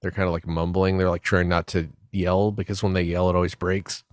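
A man with a lowish voice co-hosting a relaxed podcast. He muses out loud and breaks into joking bits. Dry, close sound. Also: fairly quick, dry recording. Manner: musing, puts on voices for laughs. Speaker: co-host. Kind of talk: casual chat.

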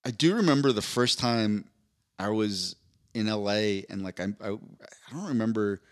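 A man, co-hosting a podcast in casual chat, telling stories with a dry delivery and lively quoted voices. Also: lowish voice, moderate pace. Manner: storytelling, animated quoted voices. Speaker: podcast co-host.

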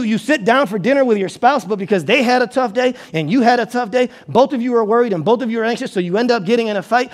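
A man preaching a sermon in an animated way, acting out anxious inner voices and often repeating words. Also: very high voice. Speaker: pastor.

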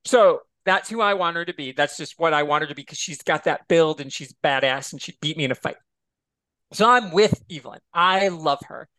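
A man's voice: fairly high pitch, fairly quick, pushed and bright, dry recording. A man guesting on a podcast, chatting casually and expressively and swearing freely. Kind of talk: casual chat.

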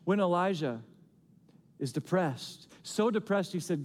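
Man, 30s, pastor, sermon, animated delivery, fairly high voice, echoing church hall. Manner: animated, swinging between loud emphasis and quiet drawn-out lines. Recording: long hall reverb.

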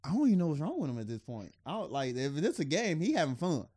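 A man's voice: a little high, sing-song, quick pace, mellow, husky, no echo, clean studio sound. A man co-hosting a podcast in casual chat, swearing freely, laughing often and restarting his sentences. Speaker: podcast co-host.

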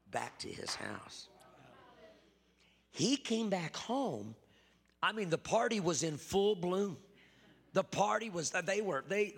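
A middle-aged man, a pastor giving a sermon testimony at a church service, emphatic and swinging between loud and hushed. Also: mid-range voice, vocal fry, husky, big-room sound.

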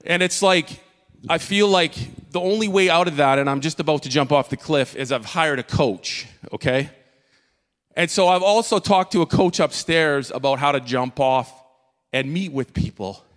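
A man giving an earnest church testimony from the stage, halting and full of fillers and restarts. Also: on the high side, fairly bright tone. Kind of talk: emotional spoken testimony. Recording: long reverb of a large hall.

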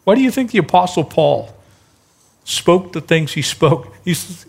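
A man's voice: a little high, expressive, a little slow, gravelly, breathy edge. A middle-aged male pastor preaching a sermon in a conversational way, acting out the voices in the stories he tells.

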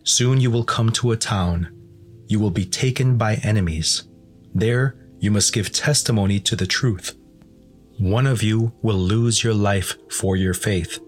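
Man reading a solemn male guide, deep, encouraging, faint music behind. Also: lightly acted. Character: kindly older male preacher guide.

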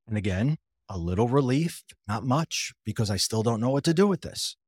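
A man's voice: mid-range voice, animated, moderate pace, husky, no echo, clean studio sound. A man telling his personal story in a conversational way, retelling what others said with frequent restarts and wry, self-deprecating asides. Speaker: interview guest.

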